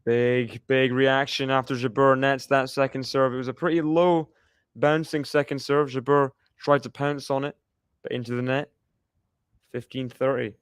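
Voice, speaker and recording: Aussie guy doing live tennis play by play, smooth clear voice, dry close sound, laughs a lot. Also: medium pitch, level tone, normal speed, no room sound. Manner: chatty, laughs often, cheers on players. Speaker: tennis watchalong commentator.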